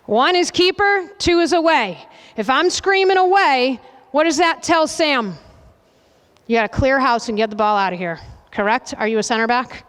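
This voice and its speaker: A woman soccer coach leading a goalkeeping demonstration with players, brisk and directive, checking in with a constant "okay?" and loudly calling out commands. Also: high-pitched, animated, smooth. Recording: reverberant hall, voice from a distance.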